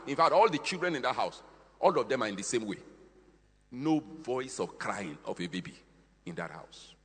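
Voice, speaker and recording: A male preacher with a bright, slightly husky voice, his pitch leaping up and down as he drives home each point. He repeats phrases for emphasis and swings from hushed lines to loud ones, all ringing in a hall with a long reverb. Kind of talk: sermon.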